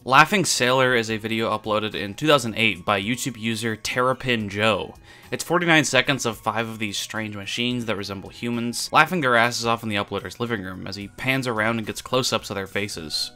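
A man narrates a scripted video with a clean, crisp voice. His delivery is wry and offhand, with casual asides and the occasional swear word played for laughs. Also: mid-range voice, a little fast, pushed and bright. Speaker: YouTube iceberg explainer.

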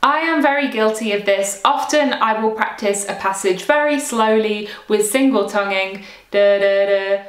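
A woman teaching recorder practice tips in a clear, encouraging way, sometimes singing rhythms aloud. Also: on the high side, normal speed, hardly any pauses, echoey room, faint music behind.

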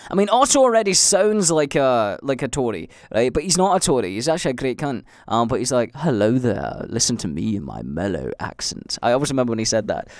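A young Scottish man talks alone into the mic for his podcast in a rambling, unscripted way, circling back with fillers and restarts and swearing freely. His voice sits a touch higher than most men's. The recording is dry and close, with no room around it. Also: no echo. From Scotland. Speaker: podcast host and livestreamer. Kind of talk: casual solo podcast monologue.

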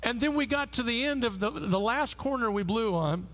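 A man preaching a sermon, telling stories in an animated way with frequent restarts. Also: very high-pitched, normal speed. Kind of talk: sermon with storytelling. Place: church service.

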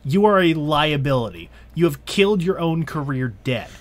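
A man on a casual podcast with a slightly higher-than-usual voice, dishing out blunt, profane put-downs. He builds his insults steadily and punches them home. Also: big pitch swings, moderate pace. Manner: blunt, profane roast humor. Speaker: podcast co-host.

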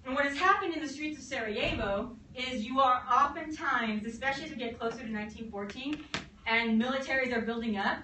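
A bright, high-voiced woman teacher lectures at speed and slips into quick comic voices for the countries she describes. The sound is roomy and a little distant, like a classroom heard from the back with a faint hum behind. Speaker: history teacher. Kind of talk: fast, animated classroom lecture. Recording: echoey room, mic at a distance.

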